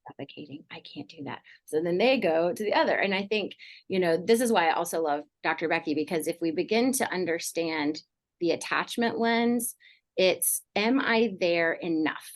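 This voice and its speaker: Give me a middle-aged woman counselor in casual podcast talk, a bit low in pitch, rambling with lots of fillers. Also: normal speed. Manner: rambling, heavy on fillers like "like" and "you know". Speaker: mental health counselor guest.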